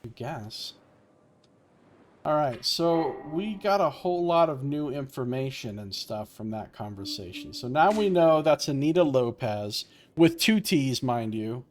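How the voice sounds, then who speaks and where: A man's voice: mid-range voice, expressive, moderate pace, few pauses. A man commentating live on a video game he is playing, chatty and musing as he talks through what happens. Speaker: let's play commentator. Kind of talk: live-streamed gameplay commentary.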